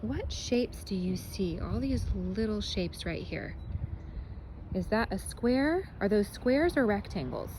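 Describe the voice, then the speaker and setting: A woman's voice: mid-range voice, very animated, slow pace, noisy background. Cheerful young woman teaching children. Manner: cheerful, chatty, addresses kids as guys. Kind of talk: casual video lesson for children. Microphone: phone held in hand.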